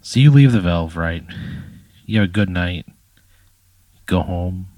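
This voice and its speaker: Guy rambling through a made-up story, lots of "like" and cussing, lowish voice, dry mic. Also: lively intonation, a little slow, mellow, dry recording. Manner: casual, swears often, filler "like" and "you know". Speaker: podcast storyteller. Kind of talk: improvised hypothetical storytelling.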